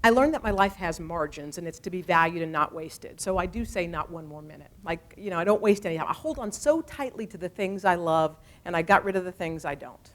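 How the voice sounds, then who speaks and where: A woman, a TV anchor, telling a personal story to an audience in a candid, animated way and acting out conversations. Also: fairly low pitch, fairly quick, hardly any pauses. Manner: animated, acts out conversations in different voices; candid and conversational, many asides. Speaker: TV morning show anchor.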